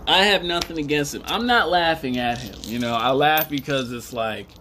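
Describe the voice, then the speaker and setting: A man vlogging in casual commentary, rambling and chuckling, animated and emphatic as he talks straight to viewers. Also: mid-range voice, moderate pace, background noise.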